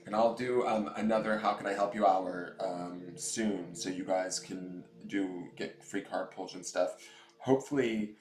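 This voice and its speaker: A man's voice: fairly even intonation, a little slow, a little mellow, echoey room, soft background music. A man hosting a tarot live stream, chatting casually and answering viewers' comments by name. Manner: coos in a high baby voice to his new cat.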